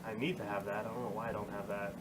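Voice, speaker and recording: Playful tabletop player. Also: male voice, fairly low pitch, level tone, rapid-fire, heavy background noise. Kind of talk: casual play, in-character talk.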